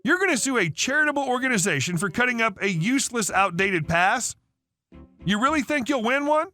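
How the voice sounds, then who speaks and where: A man's voice: extremely high pitch, big pitch swings, a little fast, pushed and bright, soft background music, voice pushed up, heavily acted. A man voicing an angry male animal sanctuary owner who talks in a curt, scornful way.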